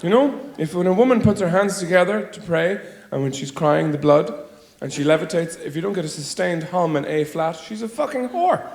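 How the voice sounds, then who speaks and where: Sardonic Irish man, swooping high voice. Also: expressive, fairly quick, vocal fry, darkish tone, reverberant. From Ireland. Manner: rambling, sardonic, mock-exasperated asides. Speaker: stand-up comedian. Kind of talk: stand-up routine. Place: theater stage.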